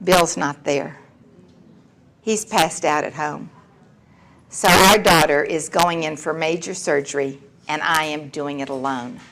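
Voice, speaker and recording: A woman's voice: deep voice, measured pace, fairly bright tone, rough recording. A woman in her sixties sharing her personal story at a recovery meeting, candid and wry, laughing often as she talks. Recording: recording with clear background noise.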